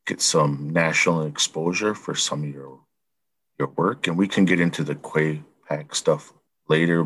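A man hosting a podcast, asking long, relaxed questions in a casual interview. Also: a bass voice, slightly rough. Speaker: podcast host.

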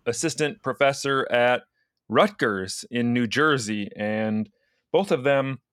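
A man co-hosting a casual farm podcast, introducing guests and reading out tallies in an even, steady way. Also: medium pitch, smooth, no room sound, studio quality. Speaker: podcast co-host.

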